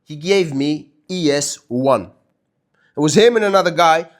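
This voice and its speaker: A man from Algeria with a French-tinged mixed English accent, a podcast co-host telling stories in a casual, animated way and swearing casually. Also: fairly high pitch, unhurried. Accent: French-influenced English, mixed British, Australian and American. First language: French and Arabic. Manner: animated storyteller, acts out quoted voices, swears casually. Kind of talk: casual chat.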